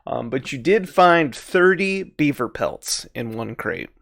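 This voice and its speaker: A man's voice: medium pitch, expressive, slow pace, gravelly, a bit bright, no room sound, clean studio sound. A man narrating a tabletop game as its game master, describing scenes and laughing often between descriptions. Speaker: dungeon master. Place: live-stream home setup.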